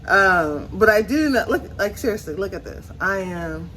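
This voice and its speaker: A woman's voice: fairly low pitch, expressive, moderate pace, a bit bright, slight background noise, low-quality recording. A woman vlogging at home, chatting and laughing with her viewers while sweaty from yard work. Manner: chatty, laughs often, talks to viewers as y'all. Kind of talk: casual chatty vlog. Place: at home, in the backyard and indoors.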